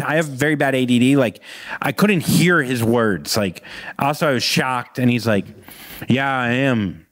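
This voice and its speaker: A man's voice: mid-range voice, no echo. Male podcast guest, casual rambling storyteller, close dry mic. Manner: rambling, animated anecdote with acted-out quotes.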